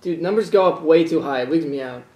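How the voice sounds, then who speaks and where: A young man delivers sarcastic comedy news lines in a dry, deadpan way. His voice sits a little high, and the room around him echoes. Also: quick pace, recorded from a distance. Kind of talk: sketch comedy news banter.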